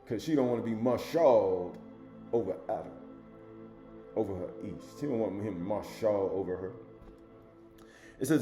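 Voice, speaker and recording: A man preaching a sermon, reading scripture loudly and dropping to low asides, with casual rhetorical questions to his listeners. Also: very animated, moderate pace, long pauses, roomy sound, soft background music. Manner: swings between loud emphatic reading and low murmured asides.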